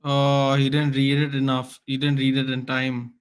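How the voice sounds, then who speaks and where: A man's voice: mid-range voice, completely flat delivery, normal speed, clear, resonant tone. A man hosting a live football watchalong, calling the play as a partisan fan and chatting with viewers. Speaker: watchalong host.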